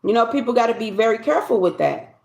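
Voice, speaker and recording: A woman talks through a collective tarot reading, her voice sitting a little high. She speaks loosely and conversationally, circling back and restarting her phrases as she goes. The sound carries a noticeable room echo. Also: expressive, quick pace, vocal fry, a little mellow, slight background noise. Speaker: tarot reader.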